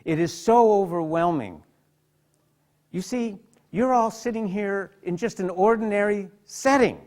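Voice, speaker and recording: A man giving a lecture as a psychotherapist, speaking with heartfelt feeling and dropping soft and quiet in tender passages. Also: on the high side. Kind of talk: emotional lecture with literary readings. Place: hospital lecture hall.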